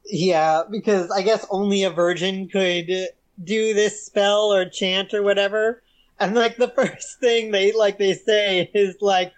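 A young woman co-hosting a podcast in relaxed, amused casual chat, giggling as she recaps an episode. She speaks at an unhurried pace and a middle pitch. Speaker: podcast co-host.

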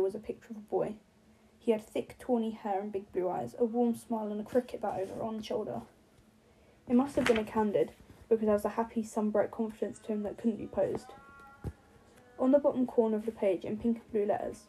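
A woman's voice: on the high side, dark tone, poor audio. A woman reading a novel aloud as the narrator, stumbling and restarting words now and then. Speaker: audiobook narrator.

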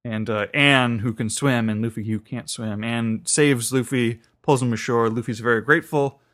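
A man's voice: mid-range voice, steady tone, normal speed, a bit bright. A man co-hosting a podcast, casually recapping an episode with lots of fillers and restarts. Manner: rambling retelling with many fillers and restarts. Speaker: podcast co-host.

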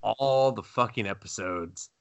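A man's voice: lowish voice, a little slow, no room sound. A man co-hosting a podcast, recapping an anime episode in casual chat, swearing and acting out quotes in exaggerated voices. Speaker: podcast co-host.

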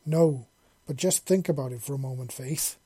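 A man voicing a level-headed male ally who calmly argues his case in a story reading. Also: medium pitch, moderate pace, breathy edge, lightly acted. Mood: persuasive. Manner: reasoning, persuasive.

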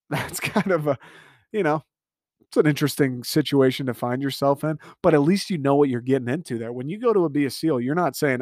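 A young man delivering an animated comedic rant monologue, exasperated and laughing at his own jokes. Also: mid-range voice, brisk, no echo, studio quality.

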